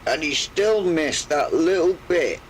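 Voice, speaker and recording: Slow-talking older man, croaky. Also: on the high side, animated, a little hiss or hum, rough recording. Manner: rambling, hesitant, full of pauses. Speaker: game streamer. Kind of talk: relaxed live gameplay chat.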